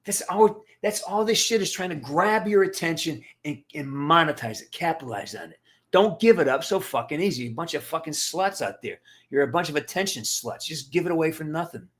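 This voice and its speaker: A man's voice: on the high side, animated, a little fast, a bit bright. Blunt, profane middle-aged man ranting. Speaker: livestream host. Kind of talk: casual rant to live chat.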